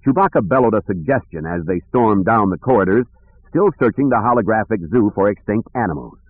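A man reading an audiobook aloud in a measured, expressive storytelling manner. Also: on the low side, no room sound. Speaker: audiobook narrator. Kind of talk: scripted audiobook narration. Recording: tinny lo-fi audio, dry.

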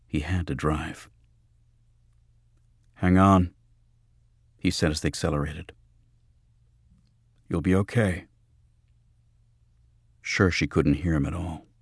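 A man narrates a novel in a very low, husky voice. He reads at an unhurried pace, and the recording is close and dry. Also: no room sound. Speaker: audiobook narrator. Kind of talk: scripted narration.

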